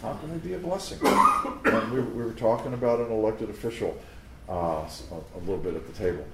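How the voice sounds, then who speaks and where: Heavy background noise and a roomy echo surround a man with a fairly low, fairly quick voice. He is a pastor preaching to a live audience in a teaching room, telling stories in a conversational, anecdotal way with asides to the listeners.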